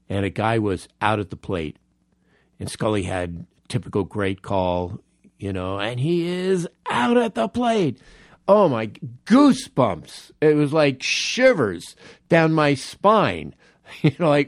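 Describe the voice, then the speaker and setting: A man hosting a solo podcast, telling personal stories in an animated way and acting out his own reactions. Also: medium pitch, no echo, clean studio sound. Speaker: podcast host.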